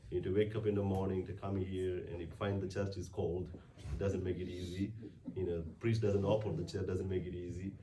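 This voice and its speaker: In a church, a priest preaches a conversational weekday homily, often restarting his sentences and posing rhetorical questions. His voice is low with little pitch movement and a slightly fast delivery. A distant mic gives roomy church sound, with some background noise.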